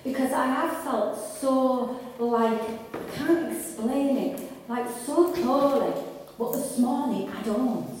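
A woman preaches to her congregation, earnest and chatty, and she often restarts her sentences. Her voice sits fairly high. It is heard from a distance in a large hall with long, echoing reverb. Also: slow, a little mellow, a little hiss or hum. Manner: earnest and conversational, with restarts and rising fervour. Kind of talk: sermon. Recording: echoey hall, voice from far off.

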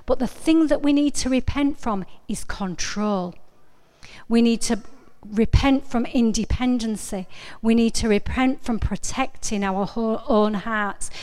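A woman's voice: on the high side, measured pace, darkish tone. A middle-aged woman giving an informal, earnest sermon, chatty and often breaking off to correct herself. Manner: chatty, self-interrupting, earnest. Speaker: preacher. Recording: long reverb of a hall.

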